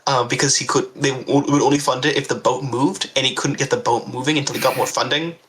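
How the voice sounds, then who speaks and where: A man's voice: medium pitch, steady tone, quick pace, fairly bright tone, a little hiss or hum, low-quality recording. A young man co-hosting a casual film podcast, rambling through plot details with many fillers and restarts. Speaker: podcast co-host. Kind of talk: casual film-review chat.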